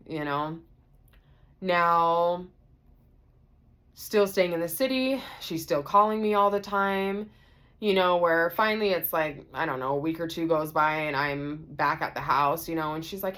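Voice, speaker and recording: A woman's voice: low-pitched, steady tone, moderate pace, fairly bright tone. A woman telling a personal story to her viewers in a chatty vlog, full of asides. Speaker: vlogger. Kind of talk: storytime vlog, casual chat.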